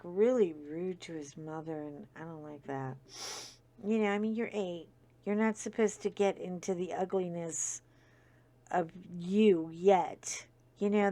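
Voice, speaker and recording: Slow, rambling middle-aged woman, sniffly. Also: mid-range voice, fairly bright tone, dry recording. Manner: rambling, full of fillers and asides. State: sniffly from a stuffy nose. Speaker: host. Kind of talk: casual storytelling chat.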